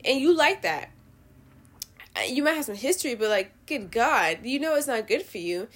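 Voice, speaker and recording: A woman hosting a show, giving blunt, profane opinions in a casual, animated rant. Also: a little high, moderate pace. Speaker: podcast host.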